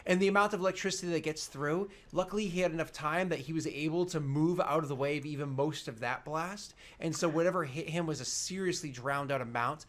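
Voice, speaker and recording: A man narrating a tabletop game as game master, describing the action in an unhurried, descriptive way over an online voice call. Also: fairly high pitch.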